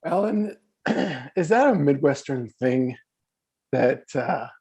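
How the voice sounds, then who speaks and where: A man chats casually, drawing his words out very slowly and stopping often to giggle. His voice is mellow and a little husky. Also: mid-range voice, expressive. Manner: slow, giggly, halting. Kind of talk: casual chat.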